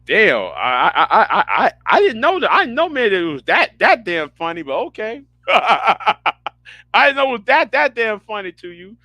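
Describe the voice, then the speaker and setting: A man hosting a livestream, ranting casually in a profane, animated way, often stammering and restarting his words. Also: sits high, moderate pace, no echo. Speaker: livestream host.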